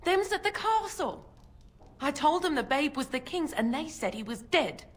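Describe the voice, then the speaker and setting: A bitter, blunt washerwoman in a game scene. Her talk is coarse and resentful, set a little high, with a lively rise and fall. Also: moderate pace. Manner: blunt, resentful, coarse working-class speech. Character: bitter poor washerwoman, grown sister.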